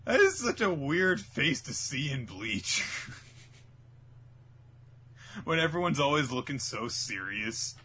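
Man, casual recap chat, bright tone, acts out lines, faint background noise. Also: medium pitch, sing-song. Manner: acts out characters in quick voices, laughs often. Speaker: podcast co-host.

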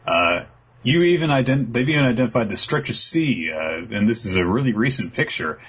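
A man's voice: mid-range voice, sing-song, a little fast, fairly bright tone, slightly rough, voice pushed up. A man voicing a stern, domineering royal father who talks in a commanding, scolding way.

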